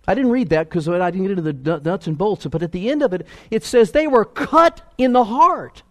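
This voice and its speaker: Preacher, male, high voice with big swings in pitch; dramatic, alternates loud with hushed. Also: expressive, a little fast. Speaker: pastor. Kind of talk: sermon.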